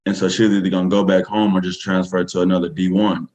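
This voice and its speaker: Man, low-pitched voice, Southern US accent, podcast guest, casual rambling storytelling. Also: little pitch movement, quick pace, darkish tone, low-quality recording. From Texas, USA. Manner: loose, rambling telling full of fillers.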